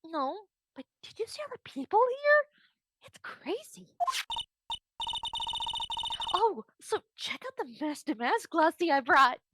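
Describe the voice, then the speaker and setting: Woman doing a bubbly excited young sidekick. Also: high-pitched, normal speed, hardly any pauses, noisy background, pitched above the performer's own voice. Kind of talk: voicing a game character in a let's play.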